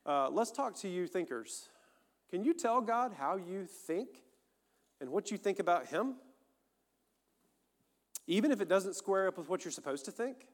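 A man's voice: sits high, lively intonation, measured pace, pauses often. A man preaching a sermon, earnest and conversational, speaking directly to his listeners. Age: adult, married. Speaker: pastor. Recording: long reverb of a large hall.

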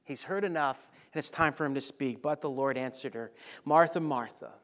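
A man preaching a sermon, animated, dropping to soft, hushed lines on key points. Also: medium pitch, a little fast. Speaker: pastor.

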